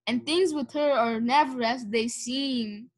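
A sour, suspicious neighbor who speaks in a dry, measured way, as a woman reads her aloud. She sounds grumpy in this storybook reading. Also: fairly high pitch.

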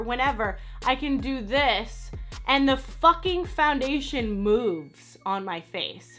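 Woman, beauty vlogger, casual review, animated, blunt, bright tone, faint music underneath. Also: fairly high pitch. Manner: animated, blunt, swears when annoyed. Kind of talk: casual product review to camera.

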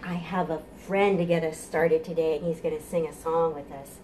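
A woman's voice: deep voice, fairly even intonation, normal speed, mellow, slight background noise. A woman children's librarian leading a toddler storytime from her home kitchen, cheerful and sing-song as she talks to small children.

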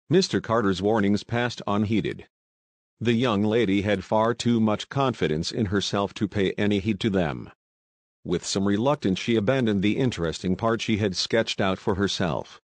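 A man reading an audiobook in a steady, even scripted narration. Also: lowish voice, moderate pace, no echo.

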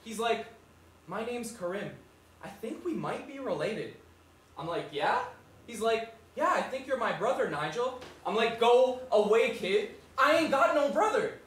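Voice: medium pitch, lively intonation, normal speed, a bit bright, slight background noise, lightly acted. An actor performing a stage monologue as a brash young man, talking in swaggering, profane street slang. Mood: defiant. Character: brash young Canadian man telling of his half-brother. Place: theatre stage. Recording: roomy stage sound from far off.

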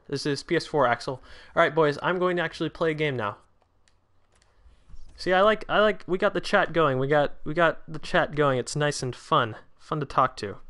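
A nineteen-year-old man hosting a casual livestream, chatting with viewers and reading their comments aloud. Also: on the high side. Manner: chatty, answers chat, bursts out excitedly at big chances. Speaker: livestream host.

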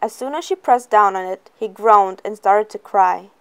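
A woman reading a chapter aloud as an audiobook. Her voice sits at an ordinary middle pitch, steady and plain, keeping an even pace through the narration. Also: moderate pace, clean tone. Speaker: reader.

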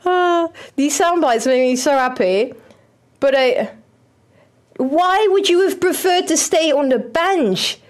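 A young woman, streaming a football manager game and chatting excitedly at it. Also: sits high, takes it slowly. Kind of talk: casual game commentary.

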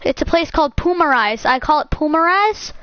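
A woman giving casual, excitable commentary while playing a hunting game, repeating words as she talks. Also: sits high, a little fast, no echo. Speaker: gaming channel host. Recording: muffled lo-fi sound.

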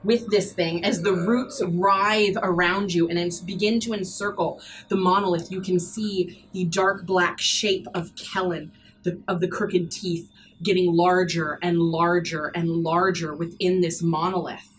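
A woman narrating a tabletop horror game as game master, descriptive and halting, with frequent restarts. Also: lowish voice, steady tone, soft background music, poor audio.

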